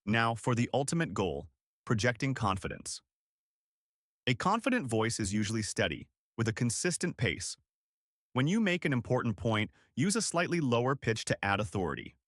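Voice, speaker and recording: A man giving scripted instructional narration in a clear, deliberate coaching manner. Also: medium pitch, sing-song, fairly bright tone, no room sound, studio quality.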